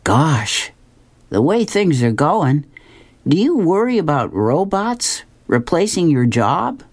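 A woman's voice: low voice, sing-song, slow pace, darkish tone, pitched above the performer's own voice, exaggerated voice. A woman voicing a nervous middle-aged cartoon husband. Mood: curious.

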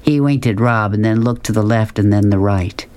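A man narrating an audiobook in a calm, even storytelling voice. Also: fairly low pitch, normal speed. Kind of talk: scripted narration.

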